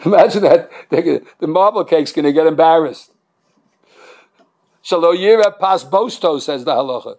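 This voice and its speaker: High, gravelly-voiced joking rabbi. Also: male voice, moderate pace, pauses often. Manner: joking, animated, many restarts and fillers. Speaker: rabbi teaching a class. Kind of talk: Torah class lecture with humor.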